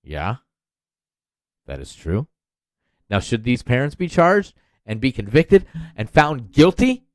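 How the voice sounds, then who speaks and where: A man's voice: mid-range voice, wildly swooping pitch, slow pace, pauses often, dry recording. A man in his thirties hosting a podcast, ranting in a profane, rambling, heated way. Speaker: podcast host. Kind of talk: solo rant podcast.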